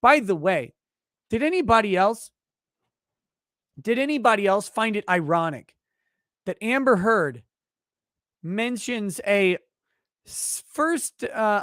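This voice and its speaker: A man's voice: high-pitched, expressive, a little slow, long pauses, fairly bright tone, dry recording, clean studio sound. A man hosting a legal commentary livestream who rants in a heated, profane way. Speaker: legal commentary show host.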